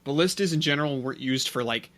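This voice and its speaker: A man co-hosting a relaxed podcast, with a bright, forward voice at an ordinary pitch. He rambles through his facts, full of fillers and restarts. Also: fast. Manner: rambling explainer with many fillers. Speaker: podcast co-host. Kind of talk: casual podcast chat.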